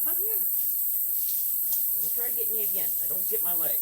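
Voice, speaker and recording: Excitable, swearing woman vlogger outdoors. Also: mid-range voice, moderate pace, noisy background. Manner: excitable, swears a lot, talks to the snake and cats. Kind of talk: handheld outdoor wildlife vlog. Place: outdoors near a house deck.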